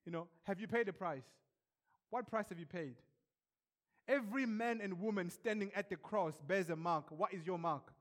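Brief: male preacher, high voice, emphatic repetition, rhetorical questions. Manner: emphatic, repetitive, rhetorical questions, drops to soft hush for effect. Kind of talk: sermon.

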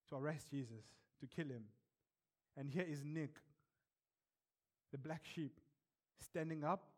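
Brief: male preacher, high voice, emphatic repetition, rhetorical questions. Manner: emphatic, repetitive, rhetorical questions, drops to soft hush for effect. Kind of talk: sermon.

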